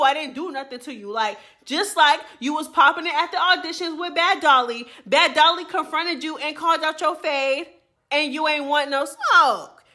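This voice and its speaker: Sassy high-voiced woman gossip host. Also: sharp tone. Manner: sassy and chatty, full of slang, often laughing. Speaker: reality TV recap host. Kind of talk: casual gossip commentary.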